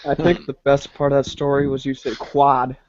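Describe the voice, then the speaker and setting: Flat, deadpan man teasing. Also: mid-range voice, moderate pace, no room sound, muffled recording. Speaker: podcast panelist. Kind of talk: casual banter.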